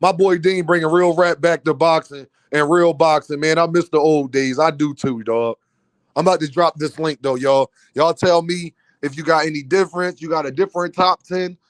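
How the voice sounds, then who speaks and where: A man's voice: fairly high pitch, steady tone, normal speed, no room sound. A man hosting a livestream in casual commentary, emphatic and repeating his points straight to the chat. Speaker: livestream host. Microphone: streaming mic.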